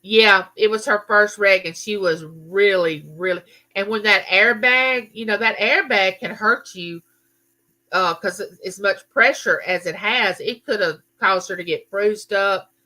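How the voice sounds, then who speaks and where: A woman's voice: mid-range voice, unhurried, pushed and bright. A middle-aged woman, telling a story in a casual live chat and answering viewers. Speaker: livestream host.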